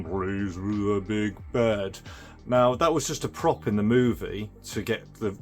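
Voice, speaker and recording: A man hosting his own channel, casually showing off and explaining retro toys, rambling with fillers and restarts. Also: on the low side. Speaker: retro toy restorer and channel host. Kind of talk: casual show-and-tell demo.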